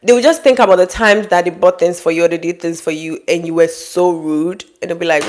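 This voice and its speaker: A woman talking straight to her audience with relationship advice, bluntly scolding and acting out quoted people in high mock voices. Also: steady tone, brisk, hardly any pauses, a little mellow. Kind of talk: direct-to-camera advice monologue.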